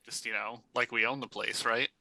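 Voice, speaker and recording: A man's voice: medium pitch, fairly even intonation, moderate pace, sharp tone, rough recording. A man playing a tabletop game, chatting in a playful, joking way. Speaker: player. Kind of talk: casual game chat.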